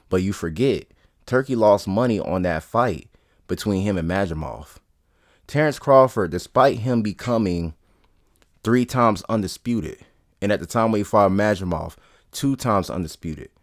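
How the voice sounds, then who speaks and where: A man's voice: on the low side, expressive, a little slow, pauses often. A man giving casual, opinionated boxing commentary, talking bluntly and rambling from point to point.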